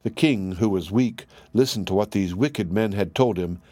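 A man narrating a fairy tale in a measured, even storybook reading. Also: on the low side, no echo.

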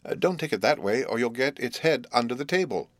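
A man voicing a brisk, bossy household nurse who gives practical, fussing orders. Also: medium pitch, expressive, no echo, natural voice.

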